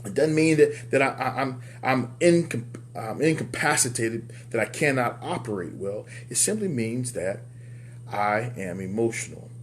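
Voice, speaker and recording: A man's voice: expressive, moderate pace, slight background noise. Emphatic man giving a motivational talk. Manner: emphatic, preacher-like, repeats key words for effect; jumps up in pitch on punch lines. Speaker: men's life coach and show host.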